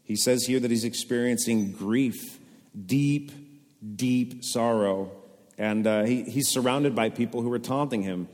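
A man, preaching a sermon to his congregation in a casual, conversational and expressive way. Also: mid-range voice, measured pace. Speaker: pastor. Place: church sanctuary. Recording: long reverb of a church hall.

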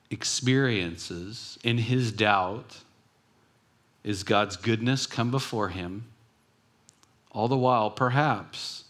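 A man preaching a sermon in an earnest way, often dropping to a soft hush on key words. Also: lowish voice. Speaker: pastor.

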